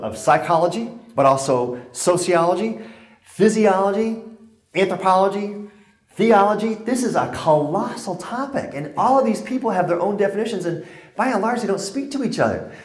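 A man gives a lively talk on stress to an audience, mixing anecdotes with punchlines. His voice sits a touch high for a man. The room adds a clear echo to every line. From Connecticut, USA. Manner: joking, animated storytelling with audience laughter. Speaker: speaker giving a talk on stress. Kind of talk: humorous public lecture. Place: lecture hall with audience.

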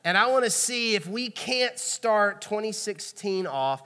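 A man's voice: sits high, animated, measured pace, few pauses, a bit bright. A man preaching a sermon in a church auditorium, talking to the congregation in a conversational way and asking them for responses. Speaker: pastor. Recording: long hall reverb.

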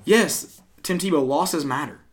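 A young Tennessee man co-hosts a casual sports podcast, rambling with plenty of fillers and mock-yelling impressions. His voice is a little high and breathy-edged, and he speaks somewhat slowly.

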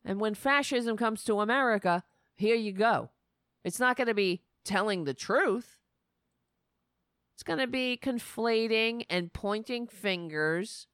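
A woman's voice: mid-range voice, fairly bright tone, smooth, no echo, clean studio sound. A woman hosting a political talk show, ranting with sarcastic, indignant anger and frequent swearing. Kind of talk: angry political commentary.

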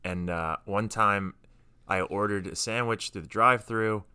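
A man's voice: on the low side, measured pace, pushed and bright, clean tone, no echo. A man in his twenties co-hosting a casual podcast, telling self-deprecating stories. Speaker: podcast co-host. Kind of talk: casual chat.

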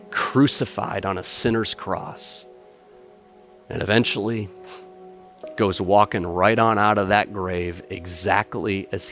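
A pastor preaching a Christmas sermon, telling a story with playful character voices and ending in a quiet, earnest prayer. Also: male voice, on the low side.

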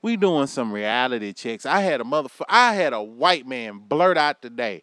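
A man delivering a loud, profane, animated rant to his audience. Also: medium pitch, normal speed, hardly any pauses, no room sound, clean studio sound. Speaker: commentary vlogger.

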